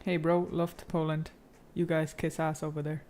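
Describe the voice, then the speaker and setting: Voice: mid-range voice, flat delivery, moderate pace, a little mellow, a little hiss or hum. A game streamer chatting casually while playing, slangy and profane, reading chat aloud and rambling with many fillers.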